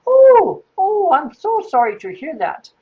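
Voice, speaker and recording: A man putting on a prim elderly English nanny in a sugary, overly polite falsetto with a put-on English accent. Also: wildly swooping pitch, unhurried, highs cut off, heavily acted. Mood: syrupy polite.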